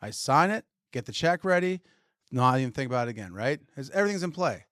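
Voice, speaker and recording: A man's voice: medium pitch, fast, dry recording, clean studio sound. A man co-hosting a podcast, telling a story in casual chat and acting out what people said to him. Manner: animated storyteller acting out quotes. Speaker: podcast co-host, retailer.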